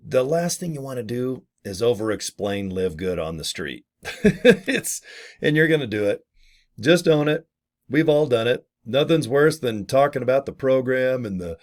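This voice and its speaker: Joking, rambling man with a low voice. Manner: rambling, jokey, acts out little scenes with laughs. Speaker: network marketer. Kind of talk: casual talking-head video.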